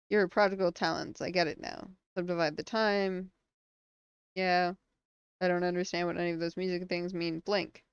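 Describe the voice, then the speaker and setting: Woman streaming a game live, lowish voice with some fry, reads the text out loud, dry kinda dull mic. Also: no room sound. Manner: reads on-screen text aloud between quick reactions.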